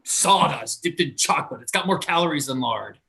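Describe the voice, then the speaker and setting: A man's voice: on the high side, expressive, brisk, gravelly, bright, forceful tone, heavily acted. An actor playing an earnest, indignant male TV actor in a live play reading over a video call. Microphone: home computer mic on a video call.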